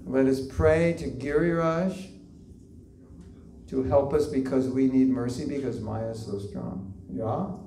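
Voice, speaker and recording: A man with a slow, gravelly, mellow voice gives a devotional lecture to a live group. He keeps it conversational, asking the room questions and using plenty of fillers. He sounds a bit far from the mic in an echoey hall with faint noise behind him. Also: mid-range voice. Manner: conversational, asks the listeners questions, many "like"s. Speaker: visiting lecturer at a temple class. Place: temple hall.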